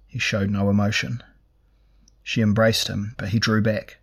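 A man narrating a fantasy novel in a measured, even storytelling manner. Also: lowish voice. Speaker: audiobook narrator.

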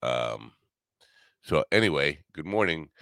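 A man's voice: rumbling low, big pitch swings, slow, a bit bright, clean tone, dry recording, clean studio sound. A tired man, rambling through a wisecracking, sarcastic solo podcast monologue as its host. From New York.

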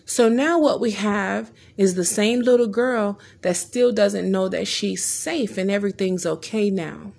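A woman speaking in a candid, heartfelt storytelling way, her voice carrying a gravelly vocal fry. She retells back-and-forth conversations in plain words and often stumbles and restarts mid-sentence. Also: mid-range voice, unhurried, hardly any pauses, darkish tone. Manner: earnest and emotional, retells dialogue with frequent restarts. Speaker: person sharing a personal therapy story.

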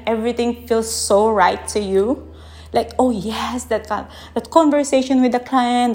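Slow-talking woman with a higher voice. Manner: slow, soft, emotional, with pauses and laughs. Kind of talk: casual reflective monologue.

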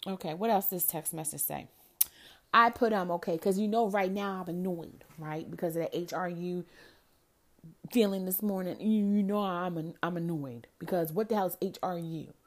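A woman's voice: fairly low pitch, moderate pace. A woman in her forties, ranting sassily in a casual monologue about dating and texting, tired and crampy. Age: 40s. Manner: sassy, animated ranting. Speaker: vlogger.

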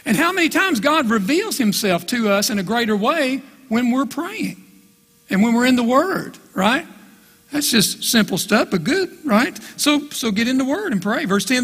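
Pastor, male, very high and husky, folksy emphatic sermon delivery, long church reverb. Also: sing-song, moderate pace, a bit bright. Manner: folksy, emphatic, repeats "listen" and "right?". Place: church sanctuary.

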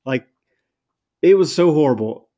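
A man's voice: a little high, animated, a little slow, dark tone. A man co-hosting a podcast, recapping in a casual, rambling and exasperated way with many fillers and mocking asides. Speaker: podcast co-host. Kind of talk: casual chat recapping a wrestling show.

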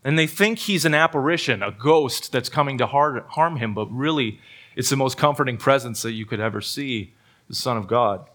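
A man's voice: mid-range voice, moderate pace, a bit bright. Earnest preacher man with a middle voice. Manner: earnest, with self-deprecating humor and frequent word repeats. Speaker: pastor. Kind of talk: sermon. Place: church service.

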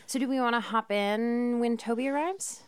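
A woman's voice: fairly high pitch, moderate pace, clear, resonant tone. A woman hosting an upbeat podcast interview, enthusiastic and chatty. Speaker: podcast host.

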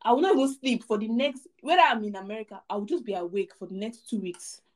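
A woman's voice: on the high side, fast talker, a little mellow. A woman co-hosting a casual podcast, talking emphatically about a film and repeating points for effect. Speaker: podcast co-host. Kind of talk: casual movie review chat.

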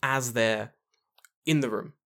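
A man's voice: medium pitch, takes it slowly, a bit bright. A man co-hosting a casual podcast, talking emphatically and swearing freely as he makes his point. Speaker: podcast co-host.

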